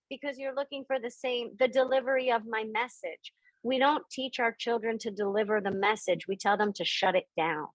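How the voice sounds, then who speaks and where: A woman's voice: steady tone, normal speed, hardly any pauses, no echo, poor audio. A middle-aged woman on a video call, telling personal stories as she teaches about spirit and intuition, and acting out the voices of the people in them. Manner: storytelling, acts out quoted voices with big pitch jumps.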